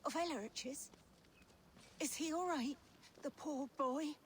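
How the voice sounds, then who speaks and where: A woman's voice: sits high, slow, crowd noise. An actress playing a proud, defiant mother in a video game, speaking in a strong-willed, old-fashioned way.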